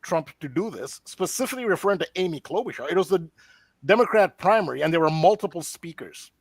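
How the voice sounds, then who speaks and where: A man with a high-pitched, husky voice talks fast and animatedly as a guest on a laid-back online roundtable, with no room sound audible. He earnestly lays out his theory, frequently restarting as he explains.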